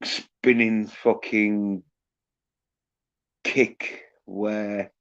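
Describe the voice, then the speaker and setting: Slow, swearing man ranting. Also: lowish voice, flat delivery, dull audio. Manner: profane, boastful, laughs at own jokes. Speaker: livestream host. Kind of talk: rambling livestream rant.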